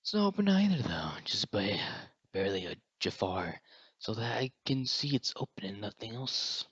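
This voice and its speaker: A man's voice: lowish voice, unhurried, pushed and bright, breathy edge, no room sound. A man casually reading a visual novel aloud with a friend, joking and swearing. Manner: joking, profane. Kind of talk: casual read-along chat. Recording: dull lo-fi mic.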